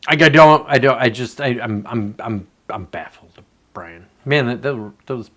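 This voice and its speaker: A man's voice: mid-range voice, unhurried, a bit bright. A man ranting on a casual livestream, frustrated and profane, rambling with many restarts. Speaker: livestreamer and real estate agent.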